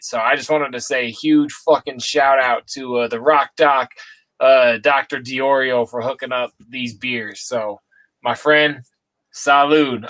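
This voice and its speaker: Bright-voiced man in profane casual banter. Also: mid-range voice, no room sound, rough recording. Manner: loose, profane, laughing banter. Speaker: podcast co-host. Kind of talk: casual chat.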